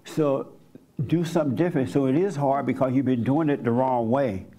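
A man's voice: medium pitch, steady tone, normal speed, warm tone. A man leading a church gathering, teaching in a blunt, colloquial way and putting questions to the congregation. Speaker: pastor.

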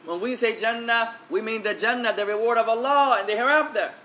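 A man's voice: very high voice, brisk, pushed and bright. Male religious teacher, emphatic and repetitive, faint background noise. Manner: emphatic, repeats key phrases; switches between English and Arabic recitation. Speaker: Islamic teacher. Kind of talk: religious lesson.

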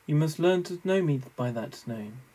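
Aslan, a gentle lion read by a man. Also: fairly high pitch, lively intonation, breathy edge, poor audio. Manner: slow, soft, gentle. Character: gentle, wise, loving great lion.

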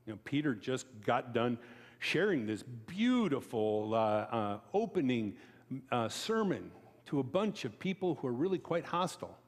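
A man preaches in a chatty, storytelling way, tossing asides to the congregation. His voice sits in a middle register. He jumps up in pitch when he acts out other people's lines, and the sound carries a long reverb from a church hall. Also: very animated, normal speed. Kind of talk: conversational sermon. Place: church sanctuary.

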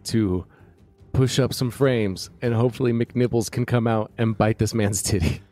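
A man's voice: mid-range voice, normal speed, dark tone, soft background music. A man playing a tabletop game, joking and playful. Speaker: player.

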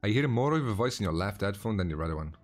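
A man hosting a casual live stream while painting miniatures, greeting viewers by name in a relaxed way with frequent restarts. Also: fairly low pitch, fast, faint music behind.

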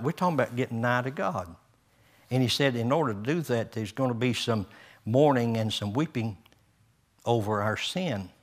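An older man, a pastor preaching a folksy sermon with homespun stories, chuckles and rising emphasis. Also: medium pitch.

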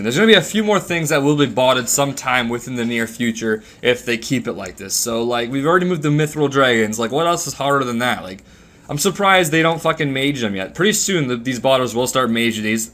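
Man, gameplay commentary, casual, rambling, profane, chatting to viewers, mid pitch. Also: a bit bright. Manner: rambling, profane, talks to viewers while playing. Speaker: gaming channel host.

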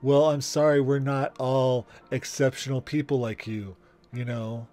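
A man's voice: mid-range voice, fairly even intonation, measured pace, warm tone, faint music behind, close to an everyday voice. A man voicing a naive young male adventurer who rambles and hesitates, in tabletop role-play. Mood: earnest. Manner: hesitant, rambling, full of fillers.

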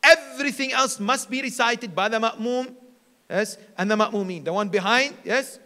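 A man delivering a sermon in a large hall, his high, bright voice carrying a long echo. He asks rhetorical questions and then answers them, building up to loud, emphatic points. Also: moderate pace. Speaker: sheikh giving a majlis lecture.

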